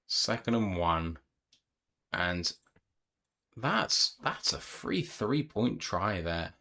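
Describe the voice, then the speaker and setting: A British man hosting a live reaction stream, commentating on plays in quick bursts and reading viewer comments aloud. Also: fairly low pitch, very animated, gravelly, bright, forceful tone. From United Kingdom. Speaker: podcast co-host and play-by-play commentator.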